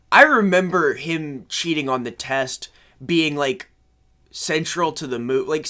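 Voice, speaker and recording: Rambling young man, lively pitch. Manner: rambling, self-deprecating, thinking aloud. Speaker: commentary host. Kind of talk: off-the-cuff commentary. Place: at home in his room. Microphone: separate microphone synced to camera.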